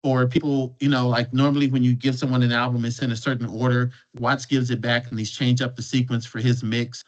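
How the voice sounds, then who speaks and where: A man's voice: medium pitch, level tone, fairly quick, low-quality recording. A man as a guest speaker telling stories in a conversational way, often restarting and repeating words. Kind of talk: conversational storytelling.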